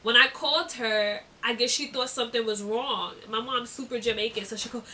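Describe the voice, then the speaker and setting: A woman's voice: on the high side, brisk, hardly any pauses, bright, forceful tone, far from the mic. A young woman telling a storytime, chatty and giggly, with lots of fillers. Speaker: vlogger. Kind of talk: casual storytime.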